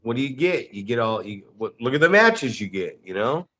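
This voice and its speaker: Very animated and a bit fast, a middle-aged man with a medium-pitched, slightly bright voice rants bluntly, swearing often. He co-hosts a casual wrestling podcast and wrestles professionally.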